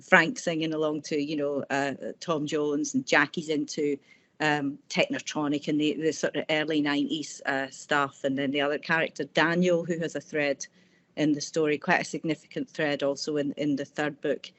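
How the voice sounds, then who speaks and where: A woman author talking in a casual interview over a video call, telling personal stories warmly and restarting her sentences often. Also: low voice, level tone, moderate pace. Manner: warm, chatty storytelling with frequent restarts. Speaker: author guest.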